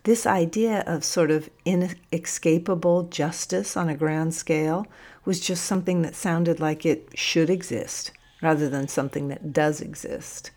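A woman narrating a first-person story in a measured, reflective reading. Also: sits low, steady tone, a little mellow.

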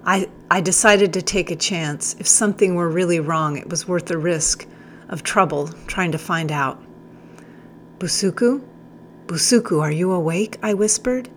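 Gentle woman narrating a story. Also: fairly low pitch, moderate pace, a little hiss or hum. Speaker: audiobook narrator. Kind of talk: first-person storybook narration.

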